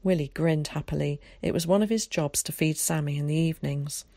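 Calm woman narrating a story. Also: sits low, a little fast, no echo, studio quality. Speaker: audiobook narrator. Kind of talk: scripted narration.

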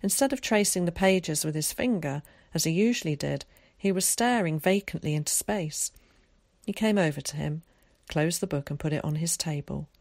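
Woman narrator, low-pitched, calm measured read, dry close sound. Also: no room sound. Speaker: audiobook narrator. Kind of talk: scripted narration.

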